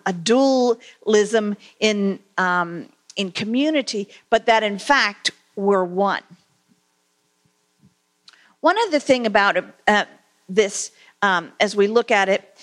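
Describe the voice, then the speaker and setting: A woman giving a conversational sermon, asking her listeners questions and reading scripture aloud, with frequent pauses and fillers. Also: medium pitch. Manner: conversational, asks the congregation questions; halting, many fillers. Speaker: preacher.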